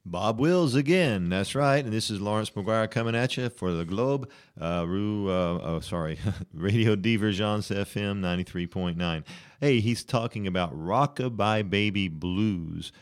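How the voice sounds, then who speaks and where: Male radio DJ, very low voice, easygoing patter, breaks off to teach phrases. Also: clean tone. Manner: chatty, explains phrases slowly and carefully. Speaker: radio host. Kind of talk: casual radio DJ chat with language teaching.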